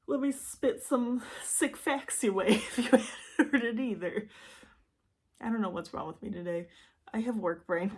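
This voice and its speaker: A young woman with a Midwestern Michigan accent, telling a true-crime story in a chatty, rambling, self-deprecating way, with lively jumps in pitch for emphasis. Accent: Midwestern American, Michigan. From Michigan, USA. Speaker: YouTube host.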